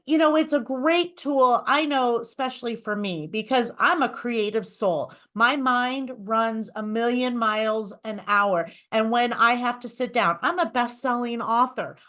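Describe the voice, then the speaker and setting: A woman's voice: on the high side, a little slow, few pauses, a bit bright. A woman co-hosting a webinar, talking in an upbeat, enthusiastic way. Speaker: webinar co-host. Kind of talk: casual presentation.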